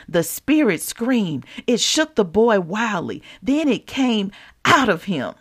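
A woman hosting a devotional show, reading scripture and teaching listeners in an animated, conversational way, calling them y'all. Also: mid-range voice, slow, slightly rough. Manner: animated, laughs often, addresses listeners as y'all. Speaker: podcast host and preacher.

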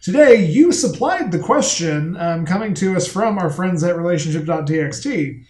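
Chatty, high-voiced man in an echoey room. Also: lively intonation, moderate pace, a little mellow. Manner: chatty, profane, rambling. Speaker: podcast co-host. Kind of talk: casual chat.

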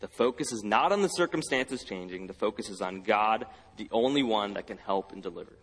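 A man preaching a sermon in an earnest way. He reads scripture slowly and lifts his voice when he quotes cries for help. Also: fairly low pitch, lively intonation, fairly bright tone, breathy edge, in a large hall, poor audio.

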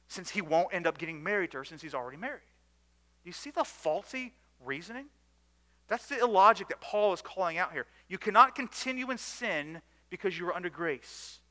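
A man preaching a sermon in a church, earnest and by turns emphatic and hushed. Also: big-room sound. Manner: earnest, rising to emphatic bursts then dropping low. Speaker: pastor.

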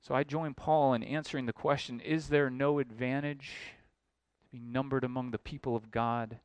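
A man's voice: mid-range voice, steady tone, normal speed, clean tone, dry recording. A man preaching an expository sermon as pastor, earnest, building to emphatic questions.

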